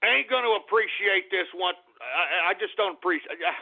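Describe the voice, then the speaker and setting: A man's voice: high-pitched, animated, moderate pace, gravelly. A man hosting a call-in radio show, ranting in exasperation, stammering and swearing. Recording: phone-like lo-fi radio audio.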